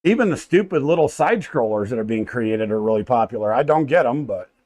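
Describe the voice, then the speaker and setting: A man's voice: mid-range voice, expressive, a little fast, darkish tone. An American man in his thirties hosting a casual livestream from his home workshop, rambling and greeting viewers by name with frequent stumbles and restarts. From United States. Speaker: livestream host. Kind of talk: casual live chat with viewers.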